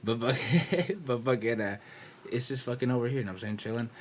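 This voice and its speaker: A man's voice: mid-range voice, brisk, a little hiss or hum. A young man co-hosting a podcast, rambling through stories, swearing and laughing often. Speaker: podcast co-host. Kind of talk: casual chat.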